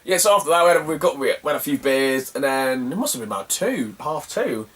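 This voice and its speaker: Speaking at a distance from the microphone, this young man from Cornwall, England tells a loose, slang-filled story in his role as a retro gaming vlogger. His pitch is medium and his delivery expressive and brisk, with a fairly bright tone, and laughter keeps breaking in between phrases.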